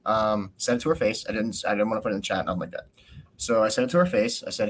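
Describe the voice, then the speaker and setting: A man's voice: fairly low pitch, very fast, slight background noise. A man hosting a podcast, telling a story in a casual, ranting way, swearing often and acting out what people said. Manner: animated rant, swears often, acts out quotes. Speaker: podcast host.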